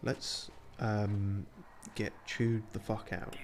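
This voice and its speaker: A man's voice: lowish voice, little pitch movement, drawn-out words, background noise. A man streaming a video game, chatting casually with plenty of swearing and self-mocking asides. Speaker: let's play streamer. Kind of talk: casual gameplay commentary.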